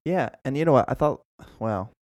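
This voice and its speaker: A man's voice: mid-range voice, lively intonation, moderate pace, a little mellow, no room sound, highs cut off. A man co-hosting a casual podcast, playful and reciting odd facts with mock seriousness. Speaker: podcast co-host.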